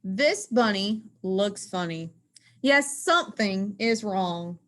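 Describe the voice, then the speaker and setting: A woman teacher reading a rhyming picture book aloud in an expressive, sing-song way. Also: medium pitch, slow pace.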